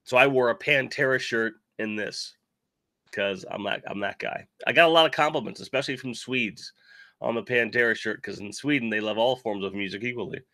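A man's voice: medium pitch, brisk, bright, forceful tone, no echo, studio quality. A man hosting a casual toy-collecting live stream, with a sick voice while he recovers from covid, rambling and joking as he reads chat. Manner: rambling, self-deprecating, reads chat aloud. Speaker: toy channel host.

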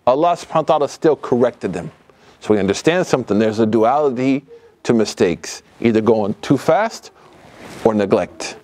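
Man, middle-aged, informal religious lecture to youth, casual slang, mid-pitched voice, lively delivery, mosque hall. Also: normal speed. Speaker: lecturer at a youth study circle. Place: mosque hall, live audience.

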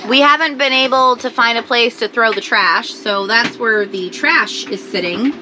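A woman's voice: on the high side, normal speed, noisy background. A woman in her thirties, a mother chatting to the camera in a casual family travel vlog about the day's plans. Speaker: vlogger, mother. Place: beach camping by a bus.

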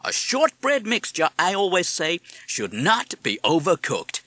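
A courteous, food-loving male parrot with a folksy drawl, as a man reads him aloud. The voice sits well above a normal speaking pitch and swings lively up and down. It is crisp, and the recording is close and dry. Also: measured pace, no echo, full character voice. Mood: folksy, polite.

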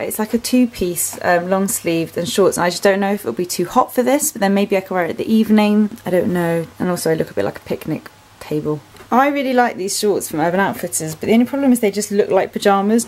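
A woman's voice: on the low side, a little mellow, low-quality recording. A woman in her twenties with an English accent, chatting casually in a vlog at home, rambling with plenty of ums and likes as she shows her clothes. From England. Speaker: vlogger. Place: bedroom at home.

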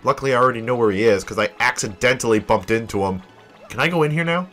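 A man's voice: mid-range voice, fast talker, a bit bright, faint music behind. A man giving casual gameplay commentary with joking, self-mocking asides.

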